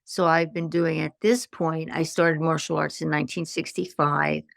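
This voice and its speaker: Gravelly-voiced older woman telling stories. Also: deep voice, normal speed, dry recording, studio quality. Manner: animated anecdotes with acted-out quotes. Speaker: guest, stress management consultant. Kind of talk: storytelling in a podcast interview.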